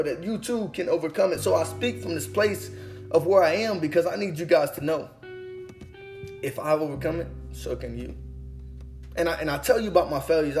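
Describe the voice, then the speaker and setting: A young man giving an inspirational testimony talk, speaking with an earnest, preaching cadence that repeats phrases. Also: fairly high pitch. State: emotional, holding back tears. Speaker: motivational speaker. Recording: faint guitar music behind. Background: soft guitar music.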